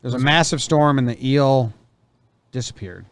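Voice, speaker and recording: A man's voice: medium pitch, normal speed, smooth. A man co-hosting a casual show, reading news stories aloud and rambling through anecdotes with many restarts. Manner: rambling, self-correcting storyteller. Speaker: co-host.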